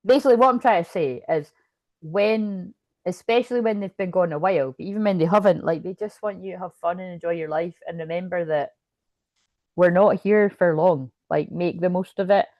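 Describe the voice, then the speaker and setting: A woman with a fairly low, brisk, slightly mellow voice reads tarot casually as a psychic medium, recorded without echo. She meanders, breaks off mid-sentence, laughs often, and hiccups as she chats.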